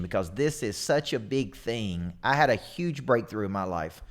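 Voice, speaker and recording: A man in his forties giving an energetic, emphatic motivational talk as a coach, often repeating words for emphasis. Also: on the low side, normal speed. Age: 40s.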